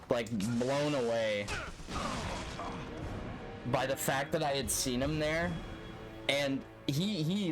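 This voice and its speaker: While streaming a speedrun, a young man tells a long, rambling story in a laid-back, profane way. His voice is medium-pitched and a little bright.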